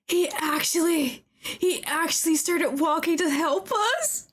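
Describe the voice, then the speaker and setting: A young woman streaming a game, talking to the characters, excitable and often laughing or swearing. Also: high-pitched, takes it slowly, long pauses. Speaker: VTuber streamer. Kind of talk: casual gameplay commentary.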